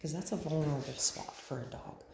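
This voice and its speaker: A woman dog trainer demonstrating at home, praising softly and calmly, often dropping to a hush. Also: deep voice, a little fast, vocal fry. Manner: soft, calm praise, often hushed to a whisper. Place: indoor home room with a dog crate. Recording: roomy echo with loud background noise.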